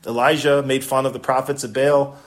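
A man's voice: medium pitch, flat delivery, a little fast. A man preaching a sermon, emphatic and impassioned, repeating words for stress and swelling when he quotes scripture. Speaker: pastor.

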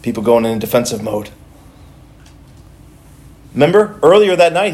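A man's voice: mid-range voice, very animated, moderate pace, long pauses, darkish tone. A male pastor preaching a sermon in a conversational way, often restarting and repeating words as he goes.

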